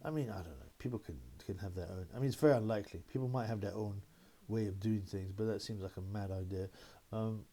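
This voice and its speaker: A man's voice: lowish voice, fast, hardly any pauses, dark tone. Rambling man on boxing. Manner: rambling, laughing, mocking impressions of critics. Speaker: boxing channel host. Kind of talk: casual solo commentary.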